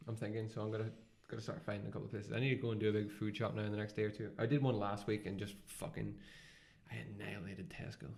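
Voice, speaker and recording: A man's voice: fairly low pitch, little pitch movement, racing, creaky, few pauses, a little mellow. A young man co-hosting a podcast, chatting casually and laughing easily. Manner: laid-back, laughs easily, short reactions. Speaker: podcast co-host. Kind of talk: casual chat.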